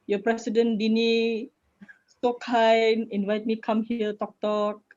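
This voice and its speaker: Lively Malaysian woman coaching over video call. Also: fairly high pitch, slow, muffled recording. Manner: lively, warm teaching tone, laughs easily. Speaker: public speaking coach. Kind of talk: online Q&A session.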